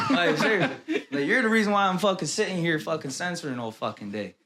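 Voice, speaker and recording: A man's voice: on the high side, lively intonation, fast talker, pushed and bright. A man venting in a casual podcast chat, ranting and swearing heavily. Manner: profane venting rant. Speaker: podcast guest.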